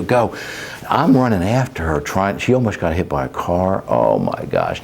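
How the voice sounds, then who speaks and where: A middle-aged man with a low, deep voice, speaking candidly in an interview. He rambles through his stories in a plainspoken way, full of fillers and restarts. A faint hiss of background noise sits under the recording. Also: very animated, normal speed, vocal fry, a little mellow. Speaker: caregiver and sales coach.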